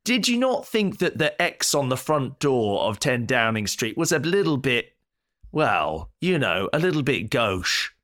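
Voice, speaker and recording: A man's voice: medium pitch, big pitch swings, measured pace, fairly bright tone, dry recording, studio quality. A man, a show producer, talking hesitantly and stammering. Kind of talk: comic chat.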